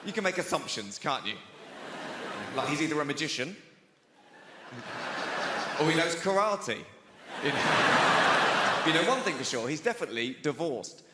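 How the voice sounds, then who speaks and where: A man doing stand-up, telling self-deprecating stories in a lively way. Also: a little high, moderate pace, long pauses, very noisy. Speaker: stand-up comedian. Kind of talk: stand-up set. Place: large theater stage. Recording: theater hall reverb with crowd laughter.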